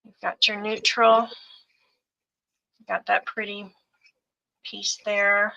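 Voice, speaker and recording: Slow, bright-voiced woman selling craft kits. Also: mid-range voice, level tone, creaky, lo-fi sound. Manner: gentle, fond, lists items piece by piece. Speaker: co-host showing craft kits for sale. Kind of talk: live sales show, describing fabric bundles.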